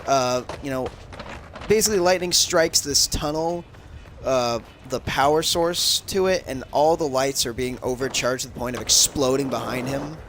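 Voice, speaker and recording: With a mid-range, slightly bright voice at a moderate pace, a man chats casually on a game stream about a movie's plot. He wanders, swears, and uses many fillers, and crackly audio and background noise color the clip.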